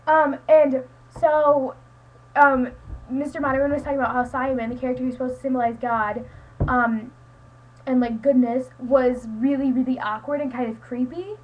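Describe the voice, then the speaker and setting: A woman's voice: high voice, fairly even intonation, normal speed, muffled recording, a little hiss or hum. A teenage girl chatting casually to a friend on her webcam, rambling with lots of "like" and "um". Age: teens. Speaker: student vlogger. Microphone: webcam mic.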